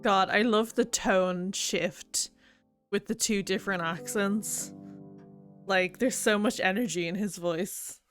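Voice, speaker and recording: A woman's voice: medium pitch, fairly even intonation, takes it slowly, a bit bright. A woman streamer chatting casually over a game, often mocking the characters. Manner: chatty, laughing, mimics characters. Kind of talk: casual gameplay commentary. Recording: faint game music behind.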